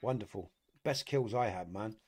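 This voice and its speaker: A man's voice: fairly low pitch, normal speed, darkish tone, breathy edge. A British man talking loosely to his live audience while he plays a hunting game. He rambles and circles back on himself, drops casual swearing, and leans on "you know" constantly. He sounds like an easygoing host of a regular stream. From Britain.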